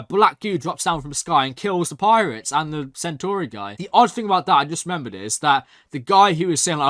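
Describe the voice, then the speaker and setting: A young man hosting a reaction channel, excitedly rambling through a recap with lots of "like". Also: a little high, fairly quick, few pauses, dry recording, studio quality. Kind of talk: casual recap and review.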